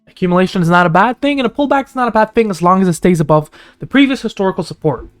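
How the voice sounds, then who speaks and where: A man hosting a stock analysis channel, walking through chart indicators and price levels, his voice going hoarse. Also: expressive, faint music behind. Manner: rapid figures and indicator names, pitch jumping up on key points. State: losing his voice. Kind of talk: screen-share chart walkthrough.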